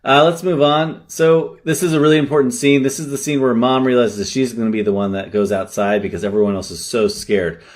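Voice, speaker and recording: A man's voice: mid-range voice, fairly even intonation, brisk, few pauses, close to an everyday voice. A man playing a sarcastic, exasperated director. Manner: sarcastic, scolding commentary. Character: exasperated director of an AI horror shoot.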